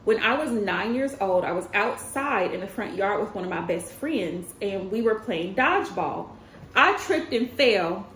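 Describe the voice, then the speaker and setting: A woman's voice: mid-range voice, animated, normal speed, few pauses, a little hiss or hum. A woman in her thirties streaming as a tarot reader, telling a story in a chatty way, talking straight to her viewers and laughing often. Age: 30s. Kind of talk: casual livestream storytelling. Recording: roomy echo with faint ambience.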